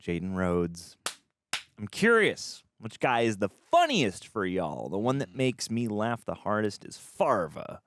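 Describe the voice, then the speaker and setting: A low-voiced man talks through a film he just watched, rambling and restarting his sentences as he goes. The sound is dry and close, with no room echo. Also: very animated, a bit bright. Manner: rambling, halting, many fillers and restarts. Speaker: movie reaction co-host. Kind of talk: casual chat.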